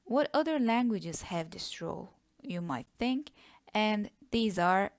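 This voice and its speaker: A woman's voice: medium pitch, expressive, takes it slowly. A woman with a Turkish accent teaching a grammar lesson, patiently breaking words into syllables. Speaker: language teacher. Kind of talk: slow explanatory lesson.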